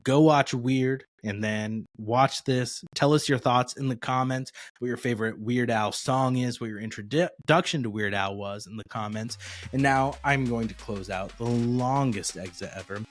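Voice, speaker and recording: A man's voice: medium pitch, moderate pace. A man hosting a podcast in a loose, cheerful way, running through a sign-off with casual swearing. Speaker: podcast host. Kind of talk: casual chat. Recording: dry close sound.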